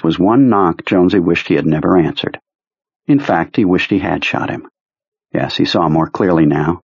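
A man narrating an audiobook in a measured, low-key storytelling manner. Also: slightly rough, dry recording. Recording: dry, slightly muffled recording.

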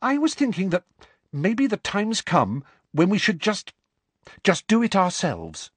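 Anxious earnest schoolgirl, high and eager, man putting her on, huskyish storyteller voice. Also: wildly swooping pitch, slightly rough, no echo, exaggerated voice. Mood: tentative. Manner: eager, quick, high-pitched.

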